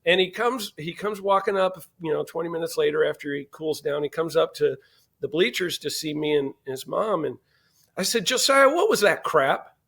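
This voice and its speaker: A middle-aged man telling a family story as a podcast guest, animated and acting out the dialogue. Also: fairly high pitch, normal speed, vocal fry. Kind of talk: storytelling in casual interview.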